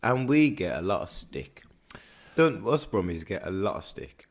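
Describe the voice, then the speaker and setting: A man's voice: low-pitched, very animated, moderate pace. A young man with a Birmingham accent, co-hosting a casual podcast chat and rambling with many restarts. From Birmingham, England. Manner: rambling, stumbles and restarts often. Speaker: podcast co-host.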